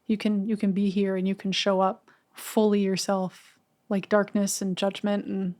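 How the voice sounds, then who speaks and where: A woman's voice: mid-range voice, flat delivery, moderate pace, darkish tone. A woman in a casual podcast conversation, talking candidly and emotionally, with casual swearing.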